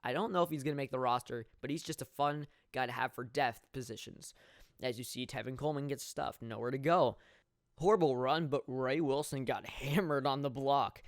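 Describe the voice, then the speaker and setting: A young man commentating his own football video game in a mock sports play-by-play style, jokey and laughing at his plays, swelling with excitement on big moments. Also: medium pitch, moderate pace, no echo, clean studio sound. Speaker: gameplay commentator.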